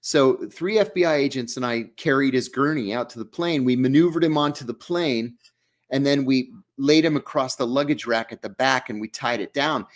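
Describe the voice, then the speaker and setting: A man's voice: medium pitch, moderate pace. Man telling a tense first-person story. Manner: vivid first-person storytelling, acting out dialogue. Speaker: guest. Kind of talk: storytelling in an interview.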